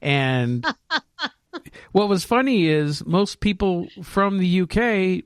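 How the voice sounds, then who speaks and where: A man's voice: high-pitched, expressive, takes it slowly, clean tone, no echo, studio quality. An American man co-hosting a paranormal podcast in casual chat, joking and laughing easily. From United States. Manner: jokey, laughs often. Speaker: podcast co-host.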